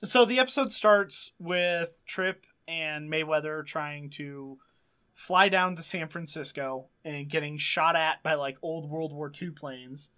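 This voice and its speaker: A podcast co-host in casual chat, voice at a middling pitch. They ramble through a recap, leaning on "like" and "right?" as they go. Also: slow, sharp tone, smooth. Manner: rambling, recaps with many fillers.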